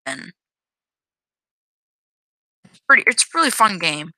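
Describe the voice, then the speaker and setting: A woman's voice: medium pitch, very animated, measured pace, sharp tone, dry recording, rough recording. A woman giving casual commentary while playing and showing her own game, hesitant, with many restarts and self-corrections.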